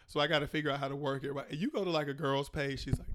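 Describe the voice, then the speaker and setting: A man from Maryland, a comedian guest in a casual podcast chat, ranting in slangy, animated bursts with mocking impressions. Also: a little high, racing, slight background noise. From Prince George's County, Maryland.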